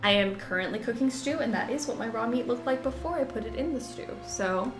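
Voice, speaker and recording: A woman's voice: a little high, expressive, fairly quick, echoey room, music in the background. A woman streamer chatting with her live chat while playing a game, bubbly, giggly and emotional.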